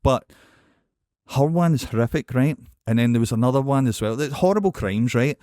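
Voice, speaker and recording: A man with a Scottish accent co-hosting a podcast, telling a story in an animated, sweary way and checking in with "right?". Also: mid-range voice, brisk, no room sound, studio quality. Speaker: podcast co-host. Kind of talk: casual chat.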